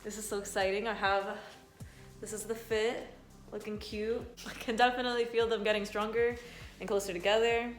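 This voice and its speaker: A young woman chatting casually to the camera while in labor, giggly and excited, pausing through contractions. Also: medium pitch, soft background music, low-quality recording. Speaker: vlogger. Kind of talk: casual vlog chat.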